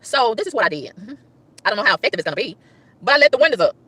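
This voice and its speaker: A woman ranting to her livestream chat, emphatic and exasperated, with loud whoops. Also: a little high, big pitch swings, very fast, slightly rough, no echo. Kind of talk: casual livestream rant.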